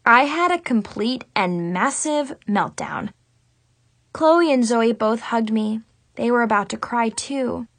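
Woman narrator, high and unhurried, dramatic first-person teen read, dry close sound. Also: dry recording. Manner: dramatic, expressive teen-girl voice. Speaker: audiobook narrator.

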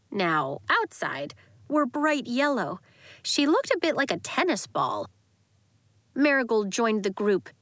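Expressive woman narrating a children's book. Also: a little high, dry recording. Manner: lively, expressive storytelling. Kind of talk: audiobook narration.

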